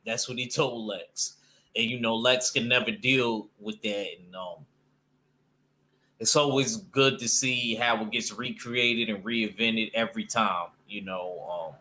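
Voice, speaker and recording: A man's voice: fairly low pitch, fairly even intonation, a little slow, bright, forceful tone, slight background noise. A man chatting casually about comic books in a rambling way, with loose slang and lots of fillers. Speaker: comic book vlogger. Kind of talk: casual chat.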